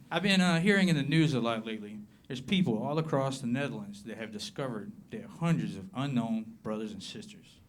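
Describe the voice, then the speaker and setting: Southern american man, stand-up comedian, deadpan punchlines, medium pitch, faint background hiss. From southern Appalachia, USA. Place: comedy club with live audience.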